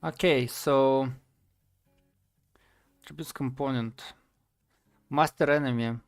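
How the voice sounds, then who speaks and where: A man chats casually on a live stream as he builds his game. His voice is smooth and resonant, and he halts often to think, with lots of fillers. Soft music plays faintly underneath. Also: mid-range voice, fairly even intonation. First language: Slovak. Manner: halting, many fillers and restarts, thinking aloud. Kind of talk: casual live-stream chat while coding.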